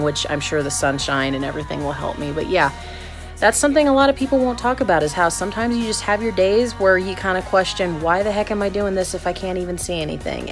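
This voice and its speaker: Woman, chatty and candid, fairly low pitch, faint music underneath. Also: fairly bright tone. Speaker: vlogger. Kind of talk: casual video diary.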